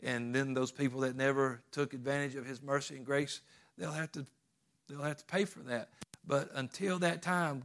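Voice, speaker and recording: A man's voice: medium pitch, a bit bright. A middle-aged man, preaching a sermon in a folksy storytelling way that swells when he stresses a point. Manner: folksy storytelling with rising emphasis. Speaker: pastor.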